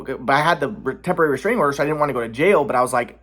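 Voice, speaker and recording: A man's voice: medium pitch, very fast, fairly bright tone. A man telling a personal story casually, rambling with many restarts and defensive repetitions. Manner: agitated, defensive. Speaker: vlogger.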